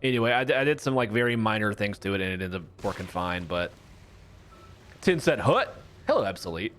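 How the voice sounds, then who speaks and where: A man's voice: on the low side, expressive, brisk, a bit bright, a little hiss or hum. A young man streaming a horror game, chatting casually and rambling with viewers. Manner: rambling, chatty, self-mocking. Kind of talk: casual gameplay commentary.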